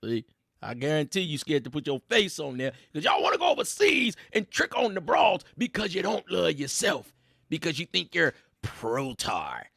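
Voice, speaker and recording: A man runs a mocking commentary rant, his voice gravelly and a touch raised in pitch. His delivery swings widely as he teases the listener in loose slang. The sound is dry and close. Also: wildly swooping pitch, moderate pace, a bit bright, no echo. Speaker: host.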